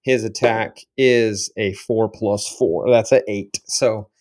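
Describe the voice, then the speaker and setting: A man's voice: on the low side, fairly even intonation, slow, darkish tone, a little hiss or hum. Man narrating as game master. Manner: descriptive, loose narration with fillers.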